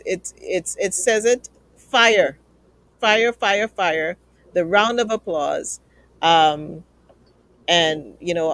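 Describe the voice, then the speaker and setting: A woman's voice: lowish voice, no room sound. A woman hosting a live talk show, earnest and emotional as she thanks guests and pleads with viewers.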